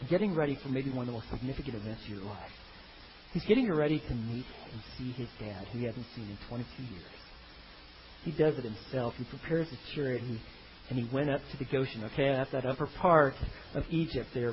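A man preaching a sermon, animated, acting out the story in voices of its figures. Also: on the high side, highs cut off, a little hiss or hum. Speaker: pastor.

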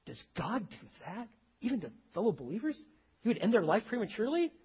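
A man preaching a sermon as a pastor, telling stories and rising to sudden loud emphasis. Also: high voice, very animated, quick pace, breathy edge, dull audio.

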